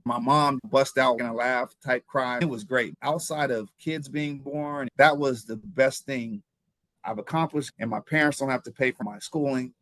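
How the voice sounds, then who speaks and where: A man in his fifties from Ohio, a former pro football player recounting his journey as an interview guest, with animated telling and frequent repeated words. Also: mid-range voice, normal speed, no room sound. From Ohio, USA. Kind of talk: interview storytelling.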